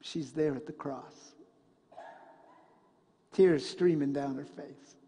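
A man preaching a sermon in a church, telling a story and swinging between loud passages and hushed ones. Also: on the high side, steady tone, takes it slowly, pauses often, slightly rough, big-room sound. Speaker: pastor. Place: church sanctuary.

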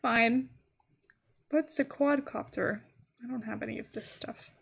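A woman's voice: fairly high pitch, fairly even intonation, unhurried, vocal fry, fairly bright tone, breathy edge. A woman streaming a game live, chatting casually and giggling as she talks to her chat. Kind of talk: casual gaming livestream chat.

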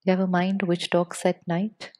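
A woman giving a spiritual talk to a live audience, speaking with deliberate pauses and putting questions to the listeners. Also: lowish voice, completely flat delivery, a little mellow.

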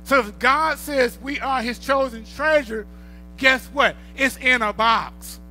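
A man preaching a sermon, emphatic and repetitive, swinging from quiet reflection to loud declarations. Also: very high-pitched, slow, soft background music, poor audio.

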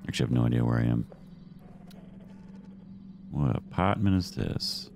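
A man's voice: very deep voice, lively intonation, moderate pace, gravelly, background noise. A man hosting a let's-play, reacting with profane, jumpy commentary. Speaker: gaming host.

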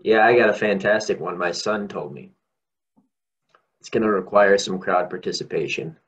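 A man telling a knock-knock joke in a deadpan way. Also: low voice, moderate pace, husky.

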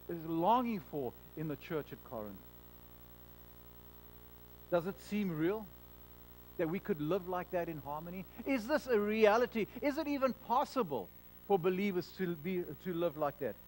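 Guy preaching a sermon, pretty high voice, earnest, stumbles and repeats himself, hushes down for the serious bits. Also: sing-song, moderate pace, a little hiss or hum, rough recording. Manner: earnest, repeats words when stressing a point. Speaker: pastor.

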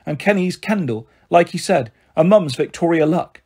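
A shy, earnest young girl, as a man reading a story puts her on. She speaks hesitantly in a raised, slightly husky voice. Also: on the high side, animated, normal speed, darkish tone.

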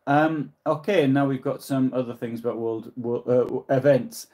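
Halting Newcastle man translating aloud. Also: mid-range voice, fairly even intonation, darkish tone. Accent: Newcastle English. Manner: halting, pauses to explain and correct himself. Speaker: history livestream host. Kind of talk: live-translating a diary and reading chat comments. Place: in a house.

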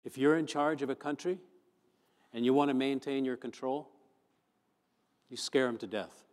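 A man, a pastor, preaching a sermon, moving from chatty storytelling to fervent, loud emphasis. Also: mid-range voice, fairly even intonation, normal speed. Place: church sanctuary. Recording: long church hall reverb.

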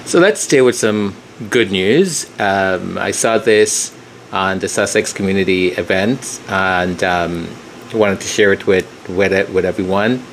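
A man hosting his own channel, speaking reflectively and pausing often, close to tears as he talks. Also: deep voice, fairly bright tone, slight background noise. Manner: slow, reflective, pausing to gather himself. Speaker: channel host. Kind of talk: emotional solo commentary.

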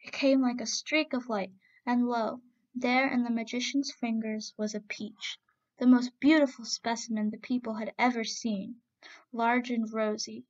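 A woman narrating a folk tale in a steady, expressive reading voice. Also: fairly high pitch, a little slow, dull audio. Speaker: storyteller. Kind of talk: storybook narration.

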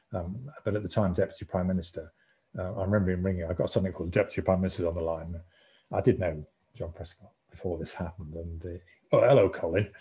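Man in his 60s, low mellow voice, relaxed storyteller at a society talk. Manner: conversational storyteller, relaxed and reflective. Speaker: guest speaker, former broadcasting executive. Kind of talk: anecdotal public talk.

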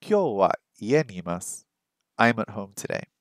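A very animated man with a voice on the low side studies a language live, speaking at normal speed as he thinks aloud, repeats phrases endlessly, and cracks jokes at his own mistakes. The recording has no room sound and studio quality, though his streaming microphone picks him up weakly.

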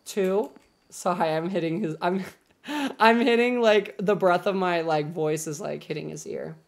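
A man's voice: high-pitched, a little slow, vocal fry. A young man streaming a game live, chatting casually and gushing at his dogs in baby talk. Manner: playful, lots of fillers.

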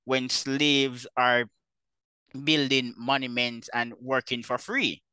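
Bright-voiced man hosting an interview. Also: medium pitch, takes it slowly, smooth, no room sound. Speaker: interview host. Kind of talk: conversational interview.

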